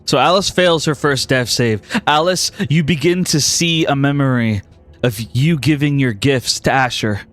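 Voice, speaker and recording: A man narrating as game master, guiding players through a tabletop role-playing session. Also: mid-range voice.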